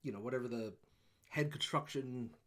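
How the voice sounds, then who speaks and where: Speaking at medium pitch and a moderate pace, this man co-hosts a laid-back movie review podcast. His delivery is an animated rant full of swearing as he recounts the plot and performs the characters' lines.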